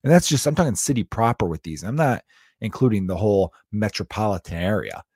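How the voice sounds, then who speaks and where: A man's voice: on the low side, expressive, brisk, a little mellow, slightly rough, dry recording, studio quality. A man in his thirties hosting a podcast, rambling and joking in a casual monologue, swearing freely. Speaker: podcast host.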